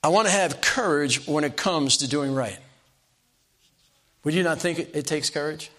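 An older man preaching a sermon, telling folksy personal stories with restarts and slow, emphatic punchlines. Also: fairly high pitch, bright, forceful tone.

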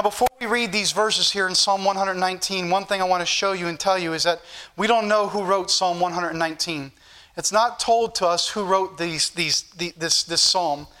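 Male preacher, high bright voice, earnest teaching, slows down for scripture. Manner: slows down and rises in pitch when reading scripture aloud; earnest, repetitive teaching delivery. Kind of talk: sermon.

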